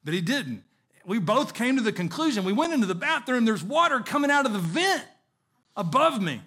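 A man preaching a sermon, telling a personal story in an animated way with chuckles, then slowing into earnest exhortation. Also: very high voice, breathy edge. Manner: earnest, slowing on key words when exhorting.

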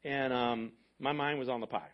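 Male pastor, conversational storyteller in a sermon, mid-pitched voice, slightly muffled recording. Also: fairly even intonation, normal speed. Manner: conversational storyteller, swings from hushed to loud. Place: church sanctuary.

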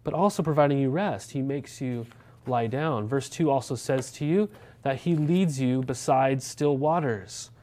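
A man's voice: medium pitch, a little slow, mellow. A man, a pastor preaching a sermon in a conversational way, asking many rhetorical questions and checking in with the congregation.

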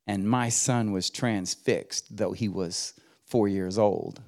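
A man's voice: fairly low pitch, fairly even intonation, slow pace, a little mellow. A middle-aged man preaching a sermon in a church as a guest preacher, folksy and humorous, rising to emphatic exhortation. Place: church sanctuary.

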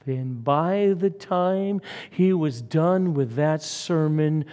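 A man's voice: fairly high pitch, slow. Dramatic preacher man in a big reverberant hall. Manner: dramatic swings from loud emphasis to hushed whispers. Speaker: pastor. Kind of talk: sermon.

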